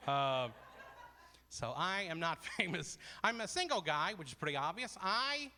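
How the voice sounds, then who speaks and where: A man's voice: fairly high pitch, very animated, a little slow, sharp tone, in a large hall. A man in his forties doing self-deprecating stand-up comedy at a charity fundraiser, rambling through asides. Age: 40s.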